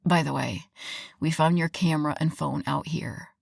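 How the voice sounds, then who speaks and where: A woman's voice: sits low, steady tone, normal speed, vocal fry, no echo, studio quality, voice pushed down, heavily acted. A woman voicing a teasing young werewolf man. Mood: matter-of-fact.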